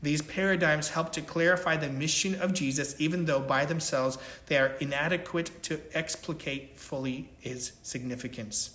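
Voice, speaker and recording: A man's voice: a little high, normal speed, few pauses, a bit bright, reverberant. A man preaching a sermon, emphatic, stressing his points and checking in with "right?". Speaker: pastor.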